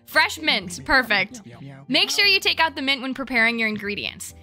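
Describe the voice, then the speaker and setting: Woman doing a fancy theatrical cat guy for a game, high bright voice, chuckly and genteel. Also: big pitch swings, normal speed, faint music behind, exaggerated voice. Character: theatrical male cat tea-house guide, genteel. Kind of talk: reading game dialogue aloud.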